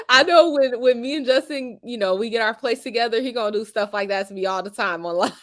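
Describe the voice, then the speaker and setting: A woman's voice: fairly high pitch, quick pace, no echo, clean studio sound. A young adult woman hosting a casual discussion stream, chatty, laughing often and using many fillers. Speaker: host.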